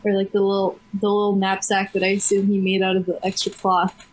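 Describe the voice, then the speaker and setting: A woman taking her turn in a tabletop game, talking casually and throwing in jokes. She sounds easygoing and chatty. Her pitch stays in a middle range. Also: monotone, brisk, a little hiss or hum, low-quality recording. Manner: joking, chatty. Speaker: player.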